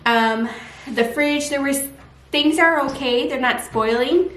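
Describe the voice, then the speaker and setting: Woman, thirties, vlogger at home; candid, chatty, unhurried delivery, slightly high voice, faint background hiss. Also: a bit bright. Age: 30s. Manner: candid, chatty, addresses viewers directly. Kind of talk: casual vlog talk to camera.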